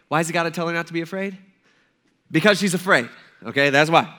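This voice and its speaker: A man's voice: fairly high pitch, quick pace, pushed and bright. A young man preaching a sermon as pastor, in a casual, conversational way with playful acted asides.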